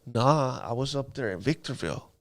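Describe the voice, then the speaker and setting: Man, gravelly voice, lively pitch, street slang, storytelling testimony, dry studio sound. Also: normal speed, no echo. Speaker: guest telling his life story. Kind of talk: casual testimony interview.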